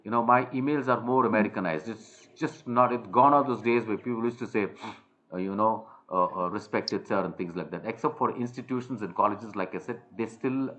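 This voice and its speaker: A man's voice: on the low side, a little fast, fairly bright tone. Indian guy coaching someone, lots of uh uh and restarts, muffled lo-fi sound. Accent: Indian English. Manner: lecturing, many fillers and restarts. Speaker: soft skills trainer. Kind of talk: one-on-one coaching call.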